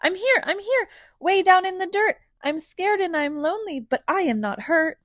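A woman's voice: extremely high pitch, animated, moderate pace, fairly bright tone, no echo, clean studio sound, pitched above the performer's own voice. A woman voicing a small, scared little seed in a children's storybook, worried and pleading.

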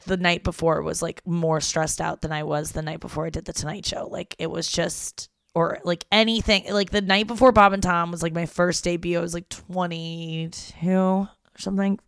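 Young woman podcaster ranting about her day, lowish smooth voice, dry close sound. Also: no echo. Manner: rambling, irritated, swears freely. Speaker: podcast host. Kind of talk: casual monologue. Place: home.

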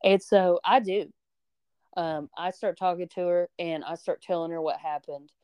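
A young woman hosting a podcast, casually telling a story with animated energy and frequent swearing, acting out the people she quotes. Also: fairly low pitch, normal speed, smooth, no room sound. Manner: animated, acts out quoted voices, swears freely. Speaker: podcast host.

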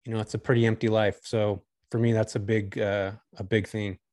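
A man's voice: fairly low pitch, level tone, fairly quick, a little mellow, no echo, studio quality. A man talking candidly and enthusiastically as a guest on a casual podcast chat. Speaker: guest, short-term rental host.

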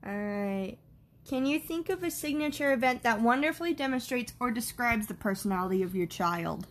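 A woman's voice: a little high, expressive, normal speed, a little hiss or hum. A woman co-hosting a podcast, reading prepared interview questions in a friendly way.

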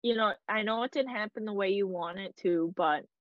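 A woman's voice: medium pitch, a little fast, no room sound, narrow, tinny audio. A young woman telling a personal story in a casual, emotional way, peppered with "like" and quoted dialogue. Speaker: guest.

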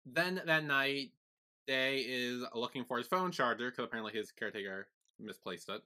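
A man co-hosting a casual recap podcast, calmly retelling the plot step by step. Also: medium pitch, normal speed. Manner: calm, retelling plot in steps. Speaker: podcast co-host.

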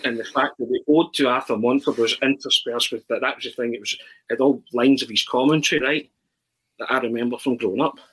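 A man's voice: medium pitch, a little fast, husky, low-quality recording. A Scottish man telling a long anecdote in casual talk, breaking into mock football commentary as he goes. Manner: animated storyteller, bursts into mock football commentary. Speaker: podcast guest. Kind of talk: casual storytelling.

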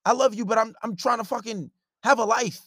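A man's voice: very high voice, a little fast, sharp tone, no room sound, studio quality. A man delivering a blunt, profane advice rant in a confrontational way. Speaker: relationship advice commentator. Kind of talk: ranting advice monologue.

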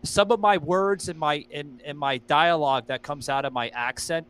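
A podcast host with a New York accent talks loosely, tripping over repeated words as he goes. His voice sits a bit high for a man. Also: normal speed, a bit bright, smooth. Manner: stammering restarts, rambling. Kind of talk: casual chat.

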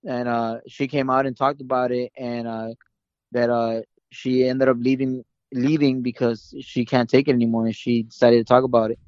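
A man on a casual podcast, speaking haltingly with many uhs and some swearing. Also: medium pitch, level tone, darkish tone, dry recording, highs cut off. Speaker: podcast co-host.

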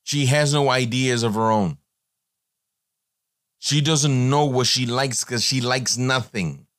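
A man's voice: mid-range voice, slow, a bit bright, no echo, clean studio sound. A man hosting a podcast, giving a blunt, profane, rambling monologue with many fillers. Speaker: podcast host.

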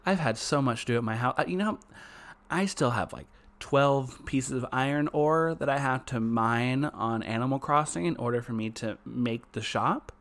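A man's voice: mid-range voice, a bit bright. Playful young man, podcast co-host. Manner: playful, quick to laugh. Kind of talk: casual chat.

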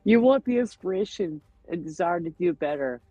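A man's voice: high voice, lively intonation, moderate pace, mellow, no room sound, faint music behind. A man guest on a podcast, talking casually and earnestly about his feelings and his bond with nature. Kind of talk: casual conversation. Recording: dull, lo-fi podcast audio.

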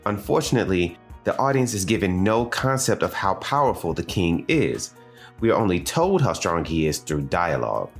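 A Southern American man hosts a casual review show in a low voice. He swings his pitch around a lot as he chats and drifts into tangents. Soft music plays faintly behind him. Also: very animated, normal speed. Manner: conversational, with digressions and asides to the audience. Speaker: anime reviewer and podcast host.

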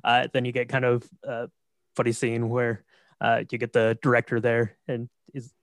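Relaxed man co-host in a dry room. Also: mid-range voice, normal speed, no room sound. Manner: relaxed, agreeable, frequent affirmations. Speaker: podcast co-host. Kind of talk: casual chat retelling a film.

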